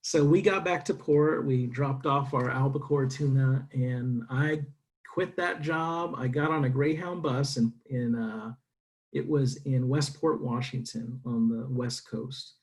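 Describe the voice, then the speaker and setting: A man's voice: medium pitch, measured pace. A middle-aged man from San Diego telling his life story to an audience, acting out the voices in it. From San Diego, United States. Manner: animated storytelling, acting out dialogue. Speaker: speaker. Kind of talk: personal story talk.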